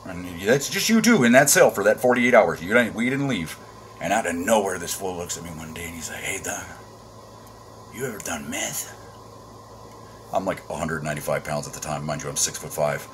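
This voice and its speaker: Man, Arizona-raised, comic storyteller; wild pitch swings, loud-to-hushed shifts, profane. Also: fast, noisy background. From Arizona, USA. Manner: animated and profane, with sudden swings from loud bursts to hushed asides. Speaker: comedic storyteller. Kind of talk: casual comedic storytelling vlog.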